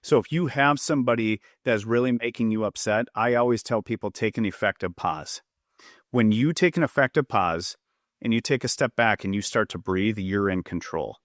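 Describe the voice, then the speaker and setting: A man's voice: lowish voice, normal speed, fairly bright tone, no room sound, clean studio sound. A man, a public safety trainer and former police officer, explaining points in a podcast interview and acting out quoted lines to show tone, with an Upper Midwest American accent.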